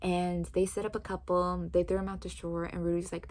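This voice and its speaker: A woman recapping a book's plot in casual chat, telling it with lively energy and many fillers like "like". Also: on the low side, brisk. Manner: animated storytelling with frequent "like". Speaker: book reviewer.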